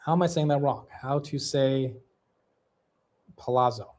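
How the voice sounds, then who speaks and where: A man's voice: medium pitch, unhurried, pauses often. A young man hosting a long livestream, chatting casually, rambling, swearing loosely, and reading out viewer super chats. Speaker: livestream host.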